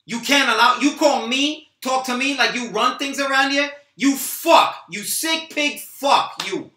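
A man's voice: very high-pitched, unhurried, pushed and bright, roomy sound. A man reading a swaggering gangster part at a virtual script reading. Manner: swaggering tough-guy delivery, heavy profanity.

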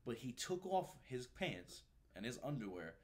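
A man telling stories from his time as a recruiter in a relaxed, animated way, peppered with slang and swearing. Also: medium pitch, a little slow. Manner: animated, swears freely, says "dude" and "bro" often. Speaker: guest, former Marine recruiter. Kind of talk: casual storytelling.

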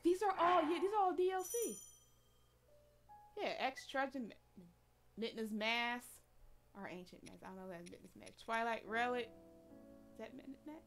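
Woman game streamer, high expressive voice, playful running commentary. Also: moderate pace, pauses often, faint music behind. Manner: animated, talks back to the game and chat, laughs often. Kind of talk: casual live gameplay commentary.

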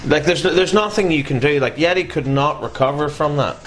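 A man's voice: a little high, fairly quick, background noise. A man, co-hosting a casual review chat and swearing freely. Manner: animated, swearing, bursts into shouts and laughs. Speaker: podcast co-host reviewing robot fights.

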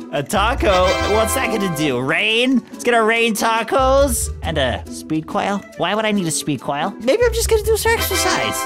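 Animated woman narrating her gameplay. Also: mid-range voice. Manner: excitable, talks to herself and the game, jumps between mock bravado and panic. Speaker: gaming commentator. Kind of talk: let's play commentary.

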